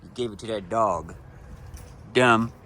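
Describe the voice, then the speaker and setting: Man doing a grumpy animal: bright, slow, whiny entitlement. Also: fairly low pitch, husky, pitched below the performer's own voice, full character voice. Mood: sulky. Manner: slow, sulky and demanding. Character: grumpy entitled male farm animal, resentful.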